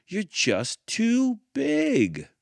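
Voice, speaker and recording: Man playing a pushy woman dance teacher, high falsetto, fussy, exaggerated, storybook reading. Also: huge pitch swings, drawn-out words, creaky, no echo, clean studio sound, exaggerated voice. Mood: exasperated.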